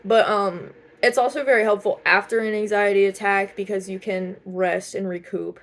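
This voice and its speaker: A woman's voice: medium pitch, fairly even intonation, moderate pace. Chatty young woman vlogging. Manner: chatty, laughs often, many fillers and restarts. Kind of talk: casual chat.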